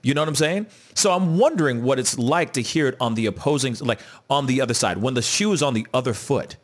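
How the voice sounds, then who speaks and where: A man co-hosting a casual commentary chat, talking in an animated way and repeating himself as he swings between loud and soft. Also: mid-range voice, quick pace. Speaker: co-host.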